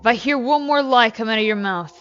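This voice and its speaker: A woman voicing a menacing male gangster who makes slow, cold threats. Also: a little high, fairly bright tone, muffled recording, a little hiss or hum, lightly acted. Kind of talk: voiced game dialogue.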